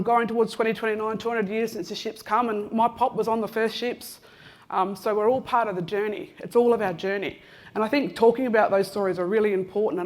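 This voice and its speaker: Chatty Australian woman in her fifties. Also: a little high. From Western Australia. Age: 50s. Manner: chatty and teasing, addresses people in the room directly, many "um"s. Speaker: conference speaker giving an Acknowledgement of Country. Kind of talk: casual, joking talk to a live audience. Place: large conference room, walking among the audience.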